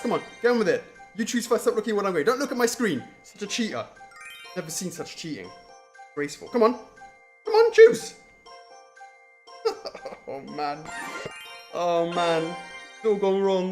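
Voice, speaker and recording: A man hosting a live stream, commentating his own game with excitable groans and playful trash talk aimed at his opponent. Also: sits high. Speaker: streamer and show host. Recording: game music playing under the voice. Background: game music.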